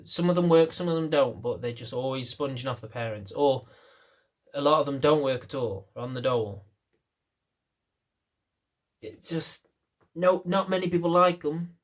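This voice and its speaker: A young British man, a dog trainer, venting to camera with lots of rhetorical questions. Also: on the high side. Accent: British English. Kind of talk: ranting to camera.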